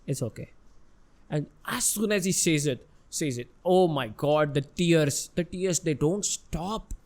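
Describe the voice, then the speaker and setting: A man's voice: a little high, a little slow, a little mellow. A young man co-hosting a casual podcast, talking candidly, swearing and slipping in Hindi words. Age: young adult. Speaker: podcast co-host.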